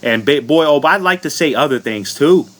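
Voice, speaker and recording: A man's voice: on the high side, lively intonation, normal speed. A man from the United States delivering a furious, profane political rant into the camera as a vlogger, blunt and unfiltered. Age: adult.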